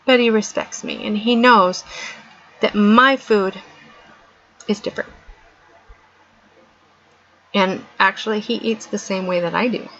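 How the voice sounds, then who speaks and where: Woman vlogger, middle-aged, preachy and emphatic, unhurried delivery, muffled lo-fi sound. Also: mid-range voice, steady tone, a bit bright. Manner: emphatic, preachy, repeats points for stress. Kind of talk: earnest motivational talk to camera. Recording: dull lo-fi sound.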